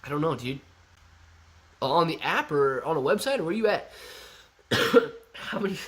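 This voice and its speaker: Male live-stream host, slightly high pitch, relaxed chatty delivery peppered with "man" and "dude". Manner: chatty, laid-back, says "man" and "dude" a lot. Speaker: livestream host reading chat. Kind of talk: casual live-stream chat.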